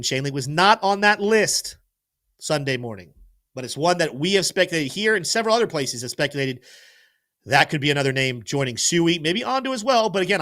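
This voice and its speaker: A man whose voice is on the high side and sharp in tone hosts a live crypto stream. He talks energetically through charts and to his chat, now and then stumbling over names as he gives market commentary.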